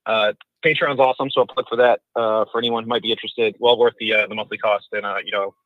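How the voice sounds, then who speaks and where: A male caller talks quickly but thoughtfully, with many fillers and restarts. His voice comes over a tinny, dry phone line. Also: fairly low pitch, fairly even intonation, dry recording. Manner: thoughtful, hesitant, full of fillers. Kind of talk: casual chat.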